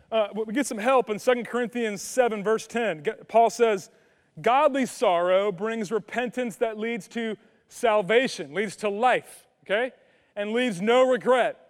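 A man preaching a sermon as pastor, animated and conversational, sinking into hushed prayerful tones at times. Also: high-pitched, big-room sound. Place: church sanctuary.

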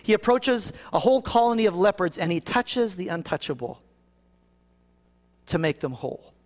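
High-voiced pastor preaching in a reverberant hall. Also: male voice, sing-song, moderate pace. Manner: swings from hushed to raised, preacherly emphasis. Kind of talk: sermon.

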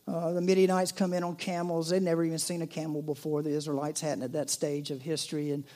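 A pastor delivers a sermon in a relaxed, talking-to-friends manner. The voice sits at a middling pitch and slips between playful asides and quieter, earnest points. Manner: conversational preaching, jokey asides, drops to soft earnest tone.

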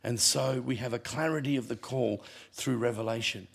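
A male pastor, preaching a sermon with punchy humour and sudden drops to quiet. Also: mid-range voice, normal speed, vocal fry, slightly rough.

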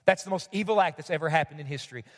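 A man's voice: a little high, racing. A man preaching a sermon as pastor, emphatic, repeating key lines and asking the congregation questions. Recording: long hall reverb.

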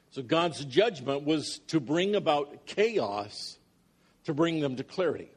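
A pastor with a fairly high voice reads scripture with dramatic flair. He drops into casual, joking asides to his congregation between verses, then climbs back into the text. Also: very animated, a little slow, breathy edge. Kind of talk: sermon, reading scripture with asides.

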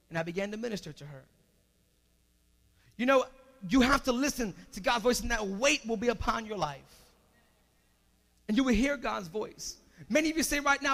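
A man preaching a sermon as pastor, moving from quiet storytelling into loud, rising exhortation. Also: high-pitched, moderate pace, creaky, pauses often, big-room sound.

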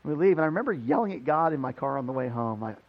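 A man preaching as a pastor, telling a personal story in a casual, animated way full of "like" fillers. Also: mid-range voice, quick pace, muffled recording. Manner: conversational, animated, many "like" fillers. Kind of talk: storytelling sermon. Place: church building.

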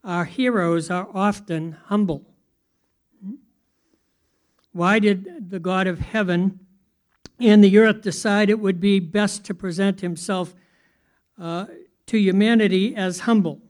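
A man delivers a sermon with a notably high voice. He keeps it conversational and often turns to his listeners with questions. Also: slow, long pauses. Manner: conversational, asks the audience questions. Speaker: pastor.

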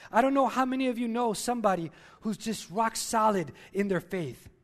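A man's voice: high-pitched, brisk. A male pastor preaching a sermon, talking straight to his listeners and repeating key lines for emphasis.

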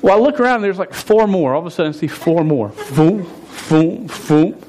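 Animated stuttering man in his forties preaching. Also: fairly high pitch, a little fast, slight background noise. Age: 40s. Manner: stuttering with frequent restarts; animated, laughing storyteller. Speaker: pastor. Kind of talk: storytelling sermon.

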